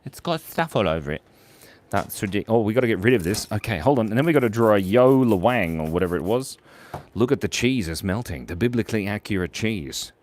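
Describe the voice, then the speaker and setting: A man with a lowish, expressive voice talks briskly over a slight hiss or hum. He's hosting a live drawing stream, goofing around and chatting playfully with viewers while he sketches what they suggest.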